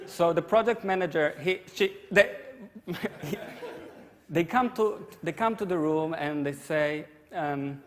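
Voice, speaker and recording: A man's voice: sits high, bright, forceful tone, long reverb tail, slight background noise. A man giving a humorous conference talk, chatty and self-deprecating, full of restarts and little asides. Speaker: conference speaker. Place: lecture hall at a conference.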